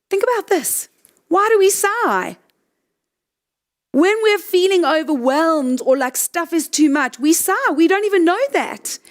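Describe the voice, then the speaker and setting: A middle-aged woman leading a guided breathing talk, gently walking listeners through exercises. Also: very high voice, lively intonation, unhurried. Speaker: breathing coach.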